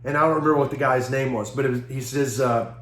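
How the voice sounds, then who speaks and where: A man giving a seminar talk, telling lively anecdotes with chuckles and acting out what people said. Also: medium pitch, quick pace, roomy sound. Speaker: seminar speaker.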